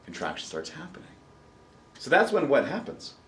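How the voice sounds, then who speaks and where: A man's voice: fairly high pitch, normal speed, roomy sound, slight background noise. A man lecturing a college class with jokes and questions thrown to the students. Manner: animated, jokey, asks the class questions.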